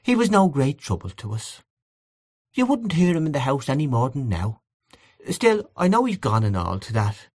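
A woman's voice: very deep voice, big pitch swings, moderate pace, a little mellow, voice pushed up, heavily acted. A man doing an old housekeeper, wistful. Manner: rambling, wistful, confiding. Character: grieving elderly Irish housekeeper, gossipy and plaintive.

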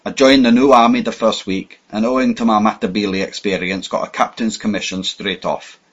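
A man reading a first-person story aloud in a measured, dramatic way. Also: fairly low pitch, steady tone. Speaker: audiobook narrator. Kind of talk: scripted narration. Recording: dull lo-fi audio.

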